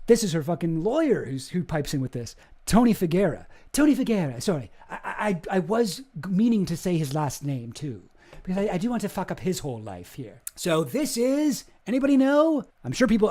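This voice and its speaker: A male streamer talking through deposition footage in an animated, profane and indignant way. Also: fairly high pitch.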